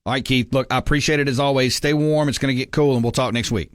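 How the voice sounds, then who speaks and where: A man's voice: medium pitch, fairly even intonation, quick pace, no echo. A man hosting a sports talk radio show in an easygoing, conversational way from the studio. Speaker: radio host. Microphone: studio mic.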